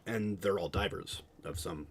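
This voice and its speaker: A man's voice: low voice, normal speed, slight background noise. A young man from Utah with a subtle Utah accent, chatting casually to his stream in a rambling, hesitant way with lots of fillers. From Utah, USA.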